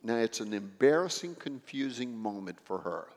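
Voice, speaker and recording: A man preaching a sermon, explaining a scripture passage in an animated storytelling manner. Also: mid-range voice, normal speed. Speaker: pastor. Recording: echoey hall with long reverb.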